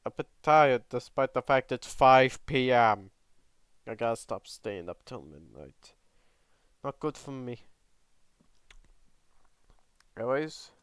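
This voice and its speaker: A man's voice: mid-range voice, measured pace, a bit bright, smooth, no room sound, clean studio sound. Chatty man narrating a fan story. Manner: chatty, self-correcting, laughing asides.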